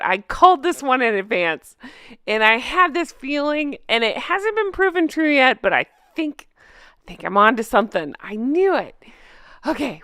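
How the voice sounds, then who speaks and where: A woman's voice: on the high side, sharp tone, no room sound, clean studio sound. A woman hosting a gossip commentary vlog, ranting with sarcastic emphasis. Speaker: channel host.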